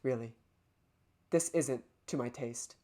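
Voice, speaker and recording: A performer voicing a cold, elegant, scheming woman in a game dub, speaking softly and low with calm menace. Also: slow, natural voice, poor audio. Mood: disdainful. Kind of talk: dramatic video game voice-over reading.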